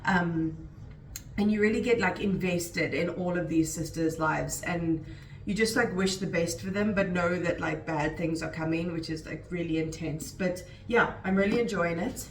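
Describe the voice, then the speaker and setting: A woman's voice: fairly low pitch, normal speed, echoey room, distant mic, low-quality recording. A woman chatting casually as a book vlogger, rambling along with lots of "like" and "um". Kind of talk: casual vlog chat.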